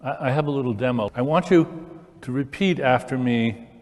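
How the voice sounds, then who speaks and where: A man's voice: medium pitch, a little fast, darkish tone. Eager man talking in a reverberant hall. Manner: enthusiastic, demonstrative, with fillers and restarts. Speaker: public conversation speaker. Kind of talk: lively onstage discussion. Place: large hall, in front of an audience.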